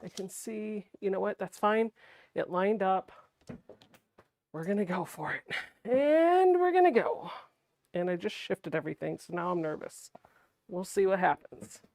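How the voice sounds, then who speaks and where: A woman hosts a casual sewing livestream in a soft, unprojected voice, talking herself through each step. Her voice sits low and carries a gravelly fry. The sound is close and dry, with no room echo. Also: steady tone, normal speed. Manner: soft-spoken, not projecting; thinks aloud while working, chatty.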